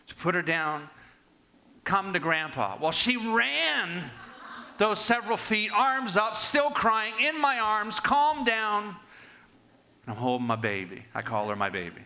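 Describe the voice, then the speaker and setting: Older male preacher, lively swings from raised to hushed, very expressive pitch. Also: unhurried. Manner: animated, swinging between raised and hushed delivery. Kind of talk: sermon with personal storytelling.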